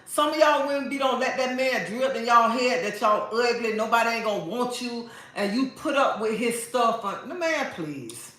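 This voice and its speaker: A woman lectures her viewers in an emphatic, preachy way, hammering her points home through repetition. Her voice is bright and forceful. It rings around a very echoey room. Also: fairly high pitch. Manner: emphatic, preachy, repeats herself for effect. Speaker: live-stream host. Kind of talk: casual advice talk to viewers.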